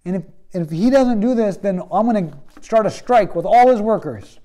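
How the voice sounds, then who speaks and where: Brief: aggrieved laborer, high strained voice, pleading, put on by a male teacher. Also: lively intonation, moderate pace, mellow.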